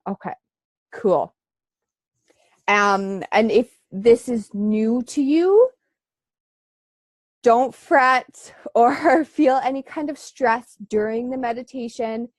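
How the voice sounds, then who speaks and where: A woman leads a live online breathing class in an unhurried, easygoing way, with plenty of fillers along the way. Her voice sounds a little congested. The sound is dry and close, coming through a video call. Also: fairly high pitch, no room sound. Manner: relaxed, chatty instruction with frequent fillers. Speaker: yoga and breathwork teacher.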